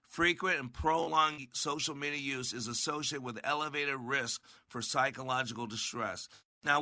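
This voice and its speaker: A man hosts a podcast in the earnest cadence of a preacher, circling back to the same phrases for emphasis. His voice is strikingly bright and cutting. The recording is dry and close, with no room sound. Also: medium pitch, dry recording. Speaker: podcast host. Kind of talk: preachy commentary.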